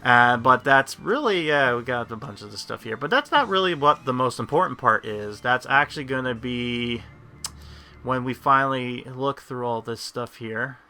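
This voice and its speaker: A man's voice: mid-range voice, lively intonation, moderate pace, sharp tone. A man hosting a casual gameplay video, rambling through his commentary with many restarts. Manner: rambling, lots of fillers and restarts. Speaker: gameplay host.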